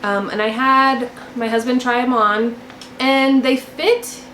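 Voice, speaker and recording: A woman's voice: a little high, fairly even intonation, takes it slowly, fairly bright tone, slight background noise. A young woman hosting a knitting video podcast, chatting casually and gushing about her finished projects, often repeating words for emphasis. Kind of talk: casual show-and-tell chat. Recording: echoey room.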